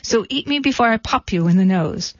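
A woman's voice: medium pitch, animated, a little fast, dry recording, lightly acted. Big goat, stubborn and firm, read plainly by a woman; dull, dry recording. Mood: insistent. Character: big horned billy goat, stubborn and self-blaming.

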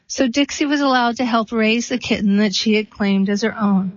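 Woman reading a story out loud, calm steady pace, kinda dull dry recording. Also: on the high side, moderate pace, hardly any pauses, dry recording. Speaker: reader. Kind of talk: reading a short story and a poem aloud.

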